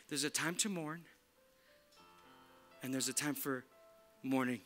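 A man's voice: medium pitch, measured pace, pauses often, fairly bright tone, soft background music. A male pastor preaching a sermon in a casual, slangy, emphatic way, often repeating "look" to drive a point home. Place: church.

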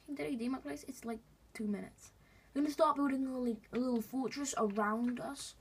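A woman's voice: high voice, a little fast, slightly rough. A woman hosting a gaming video, chatting casually and rambling to viewers as she plays. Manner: chatty, rambling, talks to viewers while playing. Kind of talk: casual gameplay commentary.

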